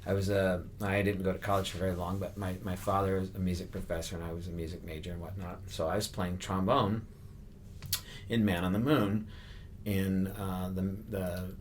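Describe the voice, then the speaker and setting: A man's voice: low voice, normal speed, slight background noise. A man who is a guest actor in an interview, telling a casual, rambling anecdote with plenty of fillers. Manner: relaxed, rambling storytelling with fillers.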